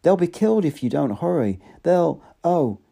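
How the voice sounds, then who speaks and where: A man voicing a cowardly, panicky man frantically shouting for help in a high, shrill voice. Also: sing-song, normal speed, vocal fry, husky, heavily acted. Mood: frantic.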